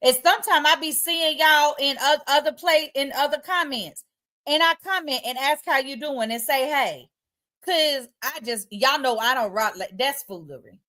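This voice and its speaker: A woman hosting a casual livestream, talking straight to her viewers. Her voice sits a touch high, and her speech is relaxed, colloquial and full of slang. She reads comments aloud and answers them in an easygoing way. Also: normal speed. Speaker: livestream host.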